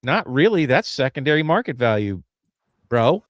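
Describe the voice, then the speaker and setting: A man's voice: medium pitch, big pitch swings, normal speed, dry recording. Blunt, profane man in a dry room. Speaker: podcast co-host. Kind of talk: casual opinionated chat.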